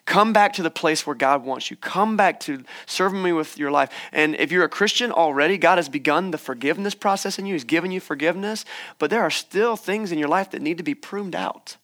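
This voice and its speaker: A man's voice: fairly high pitch, fairly quick, a bit bright. A young man preaching a sermon in church, conversational and encouraging, with playful asides. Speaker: pastor. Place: church hall.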